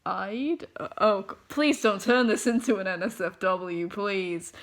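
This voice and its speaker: A woman's voice: mid-range voice, slow pace. A woman reading fanfiction aloud, flustered, stumbling over words and laughing through her asides. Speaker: fanfiction reader.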